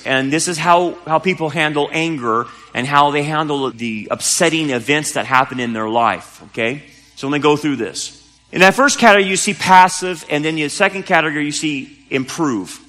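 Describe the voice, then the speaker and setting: Earnest pastor preaching in a reverberant hall. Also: male voice, a little high, bright, forceful tone. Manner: conversational, earnest preaching with frequent restarts. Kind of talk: sermon. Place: church sanctuary.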